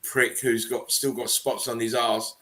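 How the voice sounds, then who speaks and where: A man hosts a relaxed online chat. His talk is loose and rambling, full of restarts and fillers. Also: medium pitch, unhurried. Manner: loose, repetitive, with frequent "um" and "uh". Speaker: livestream host. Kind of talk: casual chat.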